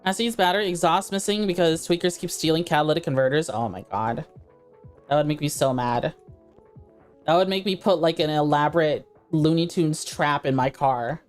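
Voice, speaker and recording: A woman's voice: low voice, fairly quick, soft background music. A woman streamer chatting casually while playing, laughing easily and talking to her chat.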